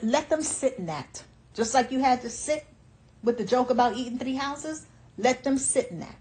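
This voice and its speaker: A woman's voice: on the high side, a little mellow, poor audio. Firm, emphatic woman life coach. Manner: firm, emphatic, repetitive instruction. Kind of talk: motivational advice talk.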